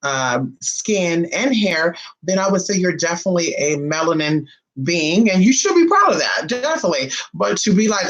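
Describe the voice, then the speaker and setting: A woman's voice: lowish voice, animated, highs cut off. Sassy, profane woman vlogging. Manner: sassy, profane, drawn-out teasing delivery. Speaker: spiritual vlogger. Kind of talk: casual vlog monologue.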